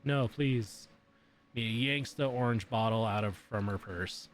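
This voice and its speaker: A man's voice: lowish voice, normal speed, faint music behind. A man streamer reading a visual novel's text aloud during a playthrough, breaking in with blunt sworn reactions.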